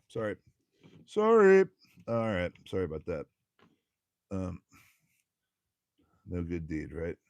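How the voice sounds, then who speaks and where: Low-voiced man rambling on a live stream. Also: darkish tone, dry recording. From USA. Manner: rambling, frequent fillers and restarts. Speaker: livestream host. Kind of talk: casual live-stream chat.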